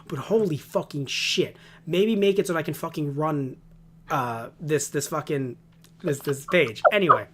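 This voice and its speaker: A man's voice: a little high, normal speed, background noise. A man co-hosting a casual podcast, rambling and ranting with heavy swearing. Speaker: podcast co-host.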